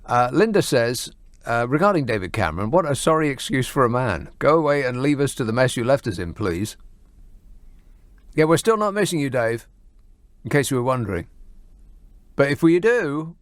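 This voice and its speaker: A man's voice: medium pitch, sing-song, normal speed, long pauses, dry recording. A man hosting a radio phone-in, dry and self-mocking, with plenty of ums and uhs. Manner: dry, self-mocking, hesitant with many fillers. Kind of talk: late-night radio phone-in. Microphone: studio microphone.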